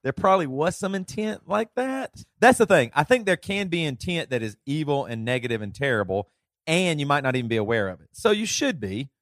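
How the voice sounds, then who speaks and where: A man's voice: fairly high pitch, sing-song, brisk, dry recording, clean studio sound. A man co-hosting a podcast, thinking aloud reflectively in casual chat. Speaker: podcast co-host.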